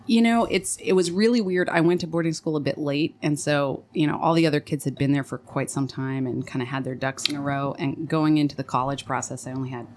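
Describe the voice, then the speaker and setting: A woman from central Pennsylvania, a guest in a casual interview, telling stories in a chatty, animated way and laughing often. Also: low-pitched, fairly quick, few pauses, slight background noise.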